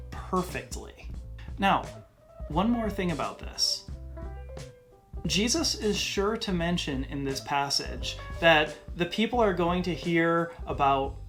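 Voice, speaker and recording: A male podcast host giving a casual Bible teaching in a conversational way, slowing down to stress key phrases. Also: fairly high pitch, fairly bright tone.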